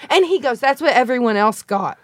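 A woman's voice: on the high side, expressive, fairly quick. A woman telling long, profane stories in casual chat, rambling and acting out the people in them. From Kentucky.

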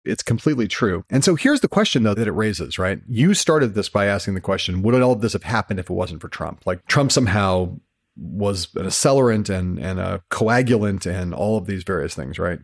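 Low-voiced male journalist host, brisk and frank, swears casually. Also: animated, breathy edge. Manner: brisk, storytelling, frank and profane. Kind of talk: casual political discussion.

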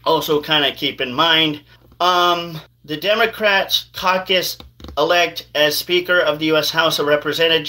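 A man's voice: a little high, pushed and bright, poor audio. A man hosting a podcast in casual news commentary, rambling and hedging every claim with "allegedly". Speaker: podcast host.

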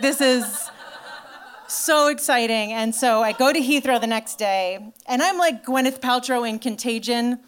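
A woman telling a story in a stand-up comedy set, chatty and animated, full of "like" and swearing. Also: fairly high pitch, slight background noise. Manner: animated storytelling to a live audience.

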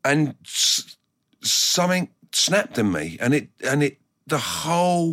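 A man, a former footballer, telling blunt, animated stories from his playing days and putting on voices when he quotes people. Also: a little high, slow pace. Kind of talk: anecdotal storytelling in a documentary interview.

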